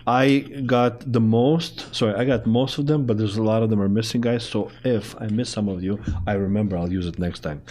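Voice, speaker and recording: Man, talk show host, foreign accent, lowish voice, chatty, animated. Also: fairly quick, few pauses, a little hiss or hum. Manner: chatty, animated, jumps between topics. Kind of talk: casual interview chat.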